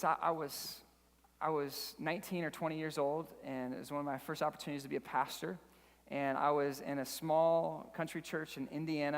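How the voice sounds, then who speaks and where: A man pastor delivering an urgent sermon at a quick clip, his voice sitting a little high for a man. He stumbles over repeated words and then drives his points home with rising force. The sound carries a long reverb from a large church hall. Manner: earnest, urgent preaching that builds to loud exhortation; frequent repeated words and restarts.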